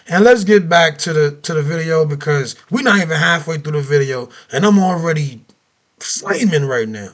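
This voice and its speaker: High pitched dude ranting on his reaction vid, aave, keeps asking rhetorical questions. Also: normal speed. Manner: animated, ranting, repeats himself, rhetorical questions. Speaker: reaction video host. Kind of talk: heated political reaction commentary.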